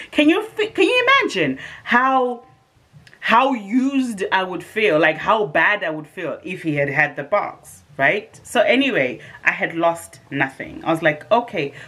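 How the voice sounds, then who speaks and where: A woman vlogging, telling a personal story in a casual, animated and sarcastic way with rhetorical asides. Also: on the low side, unhurried.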